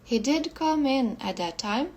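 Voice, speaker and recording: A woman's voice: high voice, animated, unhurried, darkish tone, slight background noise, pitched above the performer's own voice. A woman reading as a cold, composed wife. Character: cold, composed foreign woman, middle-aged.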